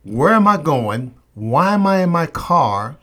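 A man's voice: a little high, very animated, a little slow, a bit bright. Motivational host, man, emphatic storyteller, leans on repetition. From St. Louis area, USA. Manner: emphatic, repeats refrains for effect. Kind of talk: personal storytelling talk.

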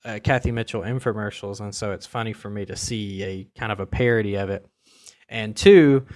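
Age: adult. Sex: man. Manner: rambling casual commentary. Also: mid-range voice. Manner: rambling, many fillers and restarts, chuckling. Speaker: commentator on online comedy dubs.

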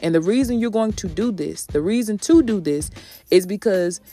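A woman's voice: mid-range voice, animated, normal speed, mellow, dry recording, faint music behind. A woman hosting a motivational podcast, talking in a sassy, preachy way, calling her listeners sis and honey. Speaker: podcast host.

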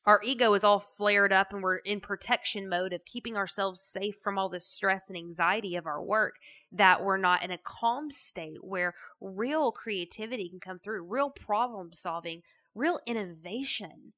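A woman's voice: medium pitch, normal speed, sharp tone. A woman hosting a motivational podcast, talking in a chatty, emphatic, folksy way. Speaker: podcast host.

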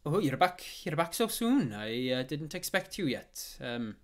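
A man voicing a friendly, tired female blacksmith with a high, eager, stammering voice. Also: moderate pace, natural voice. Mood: surprised.

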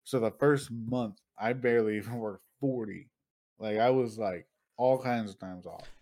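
Male podcast co-host, relaxed, swears freely, quick to laugh. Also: on the low side. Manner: loose, profane, laughs often. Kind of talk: casual chat.

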